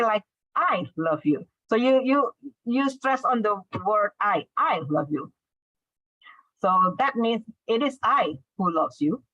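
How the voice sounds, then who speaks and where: A woman with an Indonesian accent giving an online English lesson, explaining step by step and checking in with quick tag questions. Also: mid-range voice, fairly bright tone, no room sound. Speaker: English instructor. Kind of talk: online class lecture. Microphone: video call. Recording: dull lo-fi video call audio.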